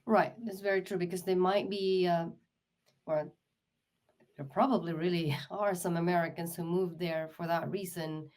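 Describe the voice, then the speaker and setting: A woman's voice: lowish voice, fairly even intonation, moderate pace, darkish tone. A woman interviewer asking short questions and giving listening sounds. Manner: attentive, prompting with short questions and backchannels. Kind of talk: casual interview talk.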